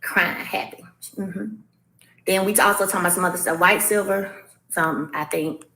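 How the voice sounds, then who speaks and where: A woman's voice: medium pitch, steady tone, moderate pace, creaky, bright, forceful tone, recorded from a distance. A woman talking casually to her viewers, emphatic and repeating her points as she reads messages aloud. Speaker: vlogger responding to a castmate. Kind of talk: casual vlog commentary. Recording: echoey room, voice off-mic.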